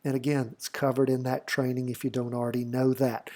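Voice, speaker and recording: A man's voice: medium pitch, flat delivery, brisk, dark tone. A middle-aged man with a slight Southern accent, giving folksy, chatty market commentary as host of a trading channel. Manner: folksy, chatty, thinks aloud with fillers. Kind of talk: casual market commentary over charts.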